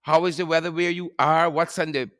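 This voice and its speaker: A man's voice: on the high side, fairly even intonation, a little fast, a bit bright, dry recording, clean studio sound. Guyanese man chatting to viewers. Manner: chatty, repeats phrases, laughs often. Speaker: show host. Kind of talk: casual live-stream chat, greeting viewers.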